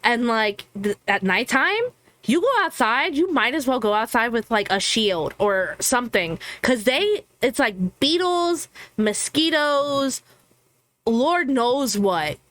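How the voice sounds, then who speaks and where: A woman's voice: a little high, lively intonation, slow, fairly bright tone, no room sound. A woman co-hosting a reaction video, chatting casually and telling exaggerated funny stories. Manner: storytelling, exaggerating, laughing. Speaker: reaction channel co-host. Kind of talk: casual chat.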